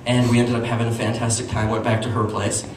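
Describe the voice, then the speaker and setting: A young man performs stand-up, spinning a self-deprecating dating story and leaping into higher voices for the quoted bits. His voice sits at an ordinary middle pitch. It is picked up from a distance, with a roomy echo and a steady buzz of audience noise behind him. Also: quick pace. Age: young adult. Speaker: stand-up comedian. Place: small venue with audience. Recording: echoey room, distant mic, audience noise.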